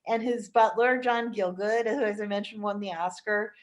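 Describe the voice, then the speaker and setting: A woman hosting a podcast, chatting enthusiastically about films with quick asides. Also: mid-range voice, steady tone. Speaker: podcast host. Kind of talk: casual film chat.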